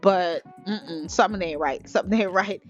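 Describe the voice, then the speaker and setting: A woman's voice: lowish voice, normal speed, highs cut off, soft background music, close to an everyday voice. A woman voicing a blunt, generous young woman friend in a life-sim game, talking in a bossy, no-nonsense girlfriend way.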